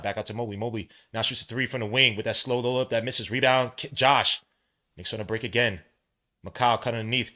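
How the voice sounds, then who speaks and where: A man hosting a live watch-along podcast, giving casual play-by-play in a relaxed, slangy way and jumping from hushed commentary to loud excited outbursts. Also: on the low side. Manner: casual slang, talks to the listener like a friend. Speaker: podcast host calling a game.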